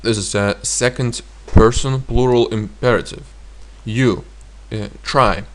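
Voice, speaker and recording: A man with a Lithuanian accent teaching grammar in a slow, halting way with frequent fillers. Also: medium pitch. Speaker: language teacher.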